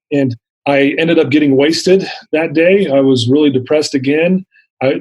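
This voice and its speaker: A man's voice: medium pitch, a little mellow, rough recording. A man, telling his personal story earnestly as an interview guest. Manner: earnest, vivid retelling with acted-out quotes.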